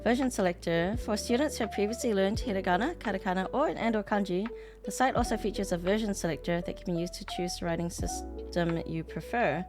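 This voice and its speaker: A woman's voice: medium pitch, fairly quick. A woman with a New Zealand accent, chatting casually on a live stream, reading lesson text aloud and reacting to it. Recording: background music track.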